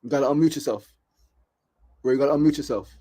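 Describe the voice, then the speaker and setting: A man's voice: medium pitch, fast talker, mellow, slightly rough. A man hosting a heartfelt discussion, reassuring and often checking in with his listeners. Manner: reassuring, keeps asking "right?". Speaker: host.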